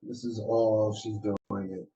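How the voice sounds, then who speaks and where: A man co-hosting a podcast, giving relaxed, mentoring advice in a casual chat. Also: fairly low pitch, slow, muffled recording, a little hiss or hum. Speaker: podcast co-host.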